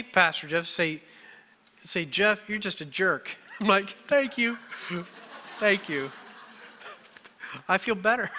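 A man's voice: sits high, sharp tone. A middle-aged male pastor preaching a sermon, emotional and self-deprecating, on the verge of tears and often laughing through them. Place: church sanctuary. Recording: long church hall reverb.

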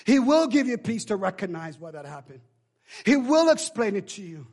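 A man preaching a sermon as pastor, swinging between shouted pleas and hushed, drawn-out lines with a call-and-response cadence. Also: sits high, sing-song. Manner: shifts between shouting and hushed near-whispers.

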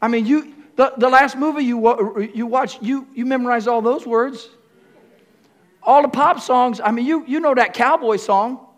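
A man pastor preaching a sermon to a congregation, repeating key phrases and building up to shouts. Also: very high-pitched, normal speed. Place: church room with congregation.

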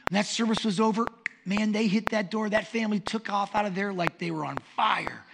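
A middle-aged male pastor telling stories in a sermon, animated and humorous. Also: high-pitched, a little fast, vocal fry. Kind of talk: sermon storytelling. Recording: noisy recording with clicks.

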